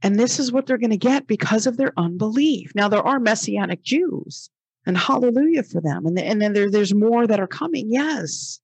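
Husky-voiced woman, emphatic podcast host. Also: on the high side, expressive, moderate pace, no room sound. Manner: emphatic and exasperated, repeats phrases for stress; reads passages aloud and rebuts them. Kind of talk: religious commentary podcast.

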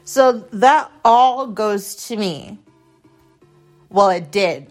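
Slow-talking blunt young woman. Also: mid-range voice, soft background music. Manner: rambling, profane and blunt, with repeated words. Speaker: podcast host. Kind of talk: casual storytelling monologue.

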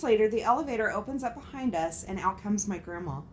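A woman's voice: a little high, a little fast, few pauses, slight background noise. A woman hosting a casual talk show, reading out listener stories and reacting with frank swearing and laughter. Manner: expressive, swears freely, laughs at her own jokes.

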